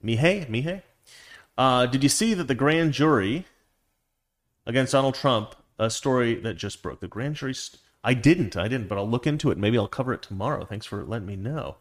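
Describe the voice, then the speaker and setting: A man's voice: mid-range voice, lively intonation, a little fast. A man hosting a casual livestream, reading viewer comments and chatting in a rambling, self-correcting way with frequent laughs. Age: adult, past his teens.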